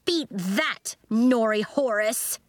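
A woman's voice: fairly high pitch, expressive, slow pace, dry recording, studio quality. A woman doing a sneering, sing-song mean girl. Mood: taunting. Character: mean, smug popular girl, mocking.

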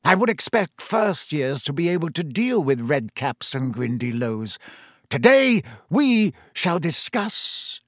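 A man voicing a cold, contemptuous male schoolmaster who speaks slowly and deliberately, sinking to a soft menacing hush. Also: on the high side, sing-song, no room sound, studio quality, voice pushed up, exaggerated voice. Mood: cold scorn. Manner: slow, clipped and icily deliberate, dropping to a soft menacing hush.

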